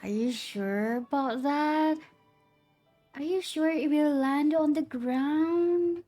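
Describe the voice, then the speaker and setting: A woman's voice: high voice, slow pace, warm tone, soft background music. A woman streaming a game, chatting casually with frequent giggles and stammering restarts. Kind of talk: casual gameplay commentary.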